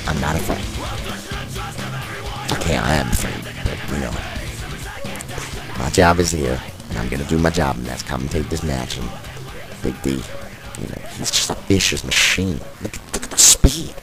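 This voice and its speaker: A man doing play-by-play commentary of a wrestling show, opinionated and excitable, openly taking sides. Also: extremely low pitch, moderate pace, pauses often. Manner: opinionated, excitable, biased toward one wrestler, mock-fearful outbursts. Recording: music playing behind.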